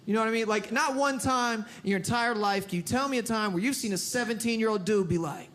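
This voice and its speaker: A young man performing stand-up comedy in a club, telling an animated story and acting out characters. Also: sits high, fast. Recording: live club with loud crowd laughter and noise.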